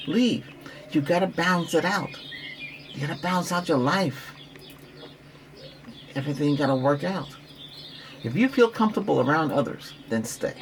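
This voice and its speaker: A man who practices Reiki, giving a rambling relaxation talk with breathing guidance, repeating himself and coaching gently. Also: on the high side, slight background noise.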